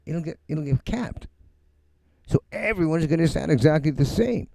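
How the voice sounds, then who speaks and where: A man's voice: fairly high pitch, moderate pace, vocal fry, dry recording. A middle-aged man hosting a music livestream from his home studio, ranting bluntly and profanely. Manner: blunt, profane, animated, mocks others in quoted voices. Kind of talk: casual live-stream rant.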